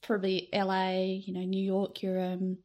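A woman's voice: mid-range voice, monotone, normal speed, warm tone. A woman from Australia co-hosting a casual podcast discussion. She is chatty and opinionated, with hesitant fillers. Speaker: podcast co-host.

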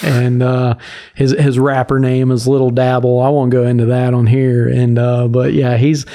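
A man's voice: mid-range voice, level tone, normal speed, mellow. A man hosting a podcast, telling hunting stories in a rambling, laughing way, full of "like" and "right?". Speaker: podcast host. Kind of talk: casual storytelling chat.

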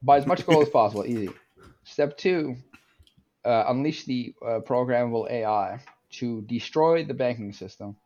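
A man's voice: medium pitch, normal speed, mellow. A man hosting a movie podcast, steering the talk and summarizing plots with dry humor. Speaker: podcast host leading questions. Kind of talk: casual chat. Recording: dull lo-fi sound.

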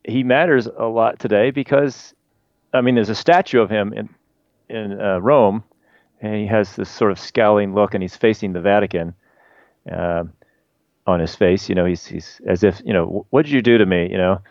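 Male guest expert, low voice, dry dull recording. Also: dry recording. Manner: animated with frequent restarts, quick bursts. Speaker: guest author and historian of science. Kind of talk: conversational explanation. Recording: dull lo-fi remote line.

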